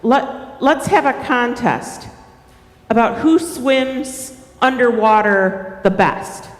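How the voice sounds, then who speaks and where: A woman's voice: fairly high pitch, expressive, slow. A woman voicing a worried, crafty male pond turtle in a church children's story, anxious one moment and scheming the next. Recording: echoey hall reverb.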